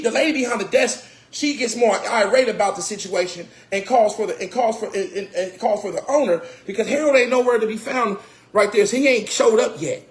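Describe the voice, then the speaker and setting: A man telling a personal story casually, animated and repetitive, swearing and getting heated. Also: extremely high pitch. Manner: animated, repeats phrases, swears, grows heated and shouts. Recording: roomy echo.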